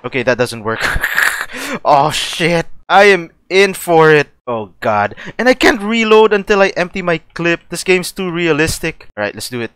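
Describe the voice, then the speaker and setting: A young man giving excitable let's play commentary who laughs often and swears. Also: on the high side, normal speed, clean tone. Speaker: gaming streamer.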